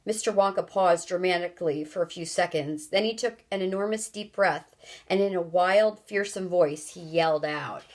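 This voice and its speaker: A woman's voice: lowish voice, darkish tone. A woman teacher reading a children's novel aloud and explaining word sounds. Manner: slow, careful, explanatory.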